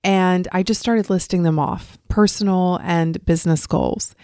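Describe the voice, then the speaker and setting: A woman's voice: lowish voice, fairly even intonation, a little slow, mellow, smooth, no echo, clean studio sound. A woman hosting her own podcast, talking in a chatty, upbeat, personal way. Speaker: podcast host. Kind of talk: casual solo podcast talk.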